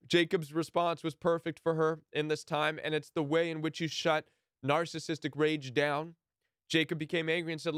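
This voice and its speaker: A man's voice: a little high, steady tone, moderate pace, fairly bright tone, clean tone, no room sound, clean studio sound. A man teaching a Bible passage in a sermon style, earnest and emphatic, briefly acting out the people he quotes.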